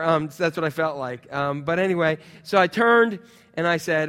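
A middle-aged man preaching a sermon as pastor, telling personal stories in a lively way with sound effects. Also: high voice, normal speed, smooth, big-room sound.

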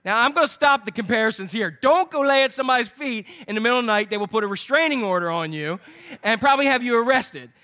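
A man's voice: very high-pitched, animated, fast, pushed and bright. A man preaching a sermon, telling a scripture story with jokes to his congregation. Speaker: pastor.

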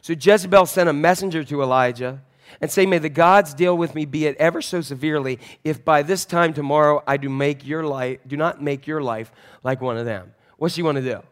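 Joking animated male preacher. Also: fairly high pitch, fairly quick. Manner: jokey, self-mocking, animated storytelling. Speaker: pastor. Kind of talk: sermon.

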